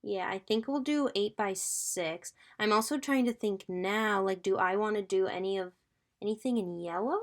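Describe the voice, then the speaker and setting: A woman's voice: mid-range voice, moderate pace. A woman in her twenties hosting a casual crafting tutorial, chatty and thinking aloud as she works. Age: 20s. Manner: chatty, gushing, talks to viewers as "guys".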